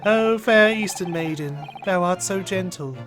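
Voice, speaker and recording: A man voicing a flamboyant male gentleman with a British accent, who quotes Shakespeare in drawn-out, theatrical archaic speech. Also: sits high. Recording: game music behind voice.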